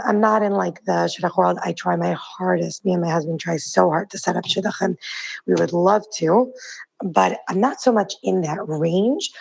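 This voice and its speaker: Hoarse woman leaving a chatty voice note. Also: fairly low pitch, a little mellow, rough recording. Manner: chatty and rambling. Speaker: listener sending a voice note. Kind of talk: casual voice note. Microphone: phone voice message.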